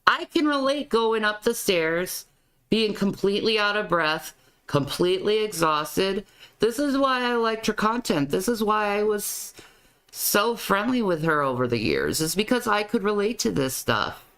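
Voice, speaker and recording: A woman's voice: medium pitch, very animated, a little slow, fairly bright tone. A woman commenting on a video clip, often stammering and repeating her words. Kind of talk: reaction commentary.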